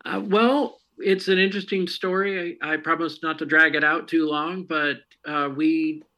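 A man's voice: on the high side, fairly even intonation, moderate pace, sharp tone, poor audio. A man from Texas, a podcast guest, answering questions in a friendly storytelling way with frequent fillers. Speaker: guest, marketing head of a distillery. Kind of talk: casual interview answers.

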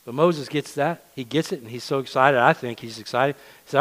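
Male preacher, mid-pitched, conversational sermon, earnest and repetitive. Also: fairly even intonation, fairly quick, a bit bright, low-quality recording. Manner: conversational, earnest, repeats words when emphasizing.

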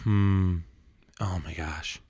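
A man's voice: low-pitched, steady tone, drawn-out words, dark tone, breathy edge, dry recording, clean studio sound. A man co-hosting a casual pop-culture podcast with teasing, laid-back banter. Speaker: podcast co-host.

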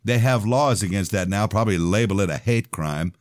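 A man playing a cold, controlling older preacher who speaks in a booming, stern way. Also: brisk, no echo, clean studio sound, lightly acted. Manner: stern, calculating.

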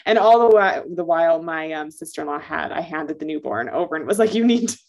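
A woman's voice: sits low, brisk, creaky, darkish tone, a little hiss or hum. A young mother co-hosting a casual chat, telling a story with laughter and acted-out quotes.

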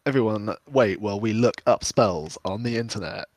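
A man's voice: lowish voice, normal speed, dry recording. A man playing a tabletop game, joking casually and reading rules aloud. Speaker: player.

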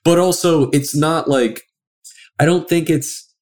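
A man's voice: a little high, fairly even intonation, takes it slowly, darkish tone. A young adult man who is a guest comic artist, chatting casually on a podcast and rambling with a lot of filler words.

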